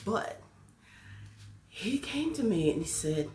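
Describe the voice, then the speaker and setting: A woman's voice: mid-range voice, sing-song, slow pace, darkish tone, a little hiss or hum. A woman who works as a teacher, telling a story to her viewers in a casual, playful way, laughing as she goes. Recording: echoey room.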